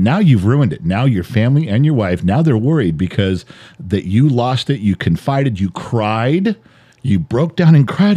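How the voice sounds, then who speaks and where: Middle-aged dad co-host, deep warm voice, swings widely in pitch, pressing his point hard. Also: sing-song, normal speed, husky. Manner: emphatic, repetitive, swears, builds an extended metaphor. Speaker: podcast co-host, father. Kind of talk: heated personal monologue.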